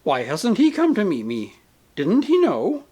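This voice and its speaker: A man voicing a grieving woman ghost, a possessive mother who talks in a sharp, demanding, indignant way, for a storybook reading. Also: sits high, wildly swooping pitch, measured pace, pitched above the performer's own voice, exaggerated voice. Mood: disappointed, fierce. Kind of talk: audiobook character reading.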